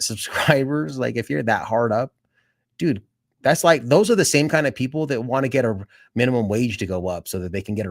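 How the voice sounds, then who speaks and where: A man chatting casually on a live stream, rambling to his viewers, swearing and saying "dude" a lot. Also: mid-range voice. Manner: talks straight to his viewers.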